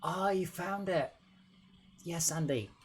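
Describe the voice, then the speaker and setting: A man's voice: a little high, slow pace, slight background noise. A young man, a game developer, chatting casually on a livestream while he works, thinking aloud and often trailing off mid-sentence. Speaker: game developer streaming his work.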